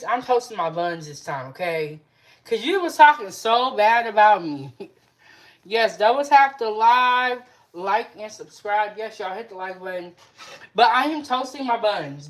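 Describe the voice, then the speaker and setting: A woman's voice: on the high side, slight background noise. A young adult woman hosting a casual cooking livestream from her home kitchen, chatting and answering viewers' comments as she cooks. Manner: chatty, reads out and answers live chat comments. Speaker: cooking show host.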